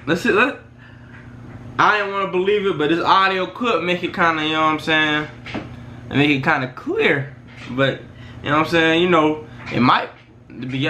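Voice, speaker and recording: A man rambles through casual commentary, circling back with fillers. His voice is bright and forceful. A faint noise sits behind him. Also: fairly high pitch. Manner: loose, rambling, repeats "you know what I'm saying". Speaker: commentary channel host.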